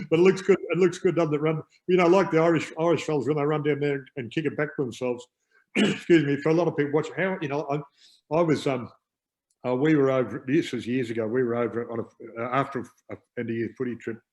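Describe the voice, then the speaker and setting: A man's voice: on the high side, fairly even intonation, brisk, darkish tone, poor audio. An Australian man, a guest and former pro footballer, chatting on a video call in an upbeat, rambling way with many fillers. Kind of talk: casual chat on a video call.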